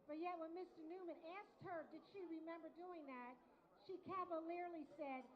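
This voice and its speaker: A woman's voice: extremely high pitch, steady tone, normal speed, lo-fi sound. A woman speaking at a luncheon from a microphone, chatty and talking straight to the audience. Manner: chatty, addresses the audience directly. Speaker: event speaker for a prosecutor's office unit. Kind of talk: speech at a luncheon. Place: large hall at a luncheon event.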